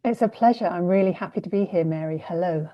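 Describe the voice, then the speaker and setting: A woman's voice: lowish voice, quick pace. Reflective woman on dull lo-fi audio. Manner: thoughtful, rambling, many asides. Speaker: guest coach and writer. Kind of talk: reflective podcast conversation.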